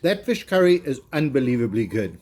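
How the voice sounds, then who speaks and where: A woman's voice: very deep voice, sing-song, fairly quick, warm tone. A woman co-hosting a cooking vlog, chatting casually and gushing with exclamations as she tastes each dish. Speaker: vlog co-host tasting the food. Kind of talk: casual food-tasting chat.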